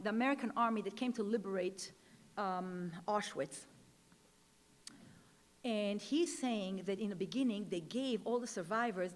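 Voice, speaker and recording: A woman giving an inspirational speech at a gala, telling stories and repeating key words for emphasis. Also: a little high. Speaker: speaker at an education gala. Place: large event hall. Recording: long hall reverb.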